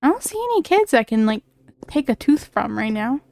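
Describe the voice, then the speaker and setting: A woman's voice: on the high side, very animated, moderate pace, gravelly, darkish tone. A woman streaming a video game, talking in chatty, rambling casual commentary full of fillers.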